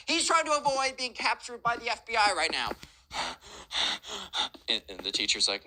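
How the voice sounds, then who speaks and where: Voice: medium pitch, huge pitch swings, normal speed, pauses often, bright, forceful tone, rough recording. A storytime YouTuber telling a story in a rambling, self-correcting way. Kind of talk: storytime narration with ad reads.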